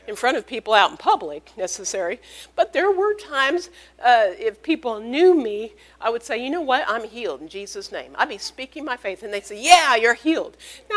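A woman preaching a sermon, emphatic, repeating key phrases and calling out amen. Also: fairly high pitch.

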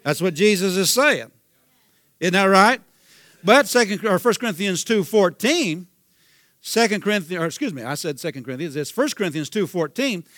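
A man's voice: high voice, expressive, normal speed, fairly bright tone, dry recording, studio quality. A man preaching a sermon with a Southern US accent, fervent and repetitive, calling out hallelujah. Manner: fervent, repeats himself, calls out hallelujah.

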